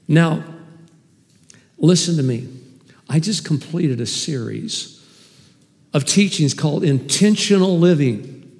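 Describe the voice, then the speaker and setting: A man preaching a sermon as pastor, animated and emphatic, with sudden swings in loudness. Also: a little high, slow pace, pauses often, big-room sound. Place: church hall.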